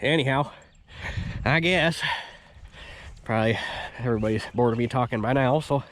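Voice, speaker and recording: A man's voice: mid-range voice, moderate pace. A man with a stuffy, nasal voice, rambling in an upbeat way as he talks through a farm vlog outdoors by a field. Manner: rambling, upbeat, restarts often. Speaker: farm vlogger. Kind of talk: casual vlog commentary.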